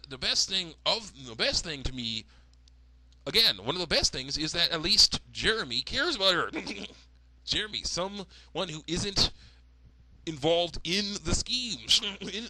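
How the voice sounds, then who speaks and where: A man's voice: on the high side, sing-song, a little slow, sharp tone, rough recording. A man giving casual, rambling commentary as a cartoon fan, laughing often. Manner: rambling, with frequent laughs and fillers.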